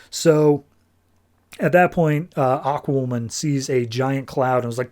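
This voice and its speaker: A man's voice: mid-range voice, steady tone, a little slow, darkish tone. A man hosting a podcast, retelling a comic book story in a loose, chatty way full of "like" and quoted dialogue. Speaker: podcast host. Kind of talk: casual comic book recap.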